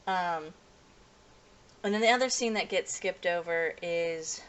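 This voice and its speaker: Chatty, rambling woman with a lowish voice. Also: a little slow, a bit bright. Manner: rambling, with frequent fillers and self-corrections, chuckling often. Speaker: anime episode reviewer. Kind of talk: casual unscripted review.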